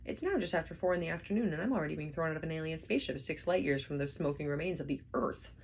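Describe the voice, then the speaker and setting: A woman voicing a panicky, indignant young Englishman with shrill, flustered protests in a storybook reading. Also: very fast, vocal fry, a little hiss or hum.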